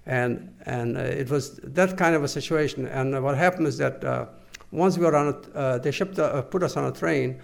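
An older man giving oral history testimony to an interviewer, halting and earnest, with many pauses and restarts. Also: medium pitch, gravelly. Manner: measured, earnest recounting.

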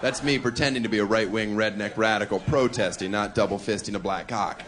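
A man doing a crude, brash stand-up comedy set on a club stage, punching up his lines with shouts. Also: on the low side, fairly even intonation, a little fast. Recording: live club recording with crowd noise. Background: audience laughter and applause.

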